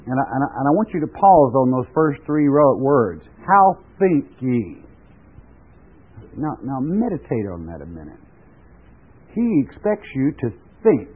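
A man's voice: fairly high pitch, breathy edge. Folksy older man preaching over radio. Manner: folksy storytelling, chuckles often. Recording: tinny phone-like radio broadcast.

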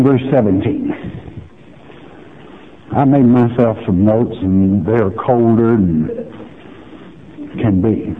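Male radio Bible teacher: plain, unhurried, emphatic, tinny lo-fi broadcast. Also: lowish voice, slight background noise. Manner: folksy, emphatic, asks the listener questions. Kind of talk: sermon-style Bible teaching.

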